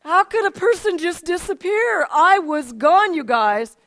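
An older woman telling an emotional personal testimony, animated, with frequent restarts and a voice that climbs and drops. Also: extremely high pitch, a little slow. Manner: animated storyteller, voice rises and falls, frequent restarts. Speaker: speaker giving a testimony.

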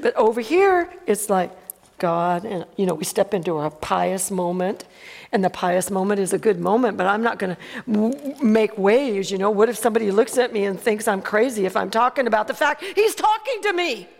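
A woman's voice: medium pitch, animated, a little fast, gravelly, long reverb tail. A woman preaching a sermon, emphatic and calling out to the congregation for amens.

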